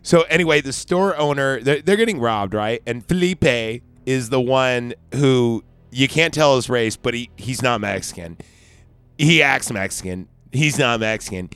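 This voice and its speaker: A man's voice: medium pitch, lively intonation, unhurried, a bit bright, clear, resonant tone, dry recording. A man casually recapping a movie plot on a podcast, rambling and acting out bits of dialogue. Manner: rambling, acts out scenes in voices. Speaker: podcast host.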